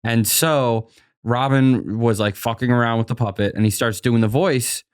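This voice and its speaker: A man chatting as a podcast guest in a studio, animated and telling stories. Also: medium pitch, moderate pace, smooth, no echo. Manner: animated storyteller, acts out quotes. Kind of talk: casual chat. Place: recording studio.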